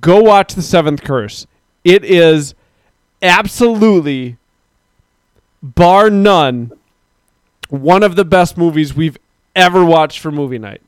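A man's voice: a little high, animated, slow pace, pauses often, clean tone, no echo. A man hosting a live stream, chatting casually and rambling as he reads out viewers' comments. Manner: rambling, talks to chat viewers, mock-quotes people. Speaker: podcast host.

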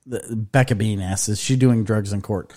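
A man co-hosting a casual podcast chat, jokey and animated, breaking into silly voices. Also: fairly low pitch, normal speed. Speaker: podcast co-host.

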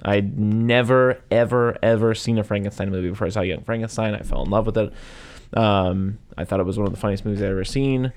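Man, lowish voice, casual movie chat, rambling, lots of fillers and asides. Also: fast talker, a little mellow. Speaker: podcast co-host.

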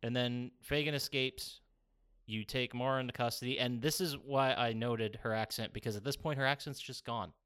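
A man's voice: medium pitch, fairly even intonation, normal speed, a bit bright, clean tone. A man talks loosely through a video game's story on a casual podcast, drifting between thoughts. He swears casually and breaks into laughter often. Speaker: podcast co-host. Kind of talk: casual chat reviewing a video game.

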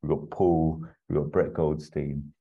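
A man's voice: extremely low pitch, little pitch movement, unhurried, slightly rough. A man casually talking through an imagined film plot as a podcast host, rambling with lots of ums and asides. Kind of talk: casual chat. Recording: dull, muffled audio.

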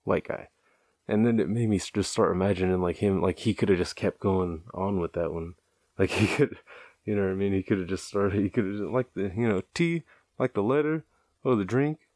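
A man with a deep, low voice spins a casual, meandering anecdote, amused at his own tale. The sound is close and dry, with no room around it. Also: fairly even intonation, fairly quick, darkish tone, no echo. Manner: rambling, amused, loose and profane, chuckles at his own story. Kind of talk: casual storytelling.

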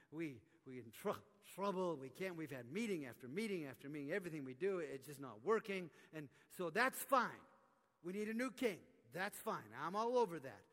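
A man's voice: a little high, fairly bright tone. A man voicing a weary little king who is sick of ruling, in a pleading, exasperated way, within a live sermon. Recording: echoey live conference hall.

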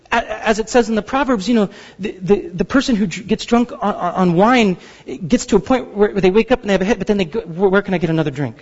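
A man in his thirties preaching a sermon as pastor, telling stories with animated, playful outbursts. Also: high voice. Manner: animated storytelling, acts out frustration with loud outbursts. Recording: dull sound with long hall reverb.

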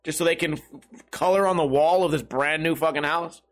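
A man hosting his own podcast, hoarse and with a failing voice, grumbling and cursing his way through a casual rant. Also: fairly high pitch, normal speed. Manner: profane, grumbling, self-deprecating. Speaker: podcast host.

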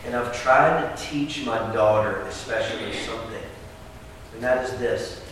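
A pastor preaching a sermon, swinging from loud emphatic outbursts to quiet, earnest talk. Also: male voice, mid-range voice, normal speed. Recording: echoey hall from far off with background noise.

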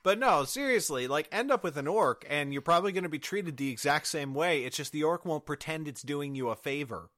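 Wry man with lively swooping voice. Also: on the high side, a little fast, few pauses. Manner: wry, groaning reactions, lively laughter. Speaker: guest author. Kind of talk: casual chat.

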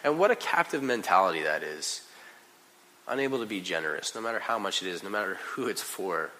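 A man preaching a sermon in a casual, conversational way, full of "like" and "you know", swinging from quiet asides to loud, emphatic bursts. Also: sits low, brisk, rough recording. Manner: animated, conversational preaching with big swings in loudness. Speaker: pastor.

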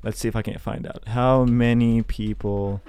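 A man's voice: medium pitch, flat delivery, moderate pace, darkish tone, clean tone, no room sound. A young man hosting a podcast, ranting in an exasperated way, swearing and mocking the people he argues against. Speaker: podcast host. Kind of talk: casual ranting monologue.

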